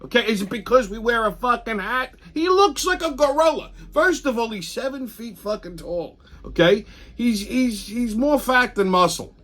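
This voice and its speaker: A man's voice: extremely high pitch, normal speed. A middle-aged man hosting his own show, telling profane, blunt stories in a casual monologue. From Sicilian heritage. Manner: profane, blunt, animated storyteller. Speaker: host.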